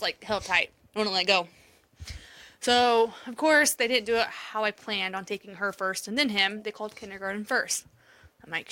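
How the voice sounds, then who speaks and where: A woman's voice: medium pitch, bright, forceful tone. A woman co-hosting a podcast, telling an emotional story in casual chat, swearing freely and laughing often. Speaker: podcast co-host.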